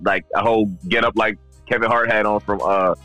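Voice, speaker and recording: A man's voice: lowish voice, steady tone, brisk, bright, forceful tone, soft background music. A man telling stories in a casual podcast chat, mimicking the people he quotes. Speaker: podcast guest.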